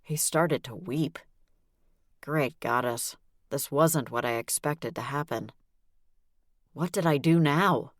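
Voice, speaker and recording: A woman's voice: low voice, takes it slowly, long pauses, no room sound, clean studio sound. Wry woman narrating an audiobook. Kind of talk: first-person novel narration.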